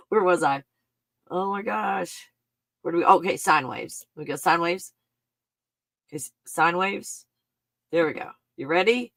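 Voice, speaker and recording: A livestream host talking through an excited monologue, thinking aloud, bursting into exclamations and swearing under the breath. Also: mid-range voice, a little slow, vocal fry, pauses often, dry recording. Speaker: live stream host.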